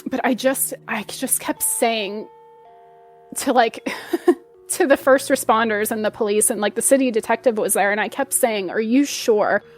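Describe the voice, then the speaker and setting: A woman's voice: fairly high pitch, normal speed, faint music behind. A woman telling a painful personal story as an interview guest, hesitant and repeating words as she restarts her sentences. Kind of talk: emotional personal account.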